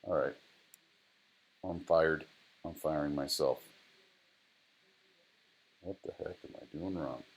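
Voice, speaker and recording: A middle-aged man, a driving instructor, talks casually through a screen-recorded data tutorial, repeating himself and chatting to his software. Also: very deep voice, slow pace, long pauses, slightly rough, highs cut off.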